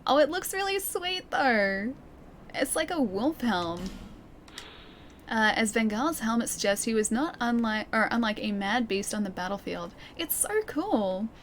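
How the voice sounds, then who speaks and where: A young woman with an Australian accent chats and giggles through a gameplay stream, reading out chat messages. Her voice sits a little high. A faint hiss hangs under her mic. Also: animated, measured pace. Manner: chatty, giggly, reads chat aloud. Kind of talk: casual gameplay commentary.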